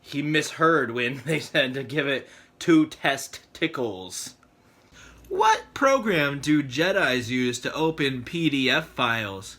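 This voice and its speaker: A man telling quick one-liner jokes and puns in a comedy video, often laughing at his own jokes. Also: medium pitch, sing-song, sharp tone. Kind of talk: joke-telling compilation.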